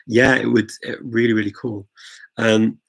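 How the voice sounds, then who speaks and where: A man's voice: fairly low pitch, flat delivery, normal speed, vocal fry, breathy edge. A man hosting a live online Q&A, chatting casually and rambling with many fillers and restarts. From England. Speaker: host answering viewer questions. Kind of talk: live Q&A chat.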